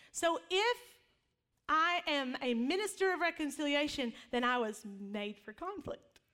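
A middle-aged woman pastor preaching in a relaxed, chatty way, her voice sitting a little high for a woman. She tells personal stories with humor and acts out what people said. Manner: conversational storytelling with humor and acted quotes. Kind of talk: sermon.

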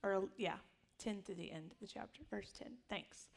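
A woman's voice: medium pitch, normal speed, few pauses. A middle-aged woman pastor giving a sermon, telling stories in a conversational, humorous way and acting out quotes.

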